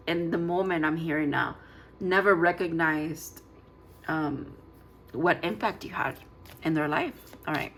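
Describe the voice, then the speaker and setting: A woman's voice: on the low side, a bit bright, slight background noise. A woman giving a casual pick-a-card tarot reading, thinking aloud in a chatty way, often restarting words as she reads card text and joking about herself. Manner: playful, jokes about herself. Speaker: tarot reader.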